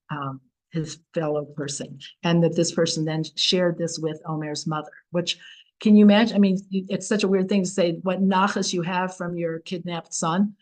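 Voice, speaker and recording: A woman's voice: fairly low pitch, low-quality recording. A woman hosting an informal weekly Torah lesson, telling stories in an earnest, conversational way with frequent fillers and restarts. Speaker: Torah teacher and host.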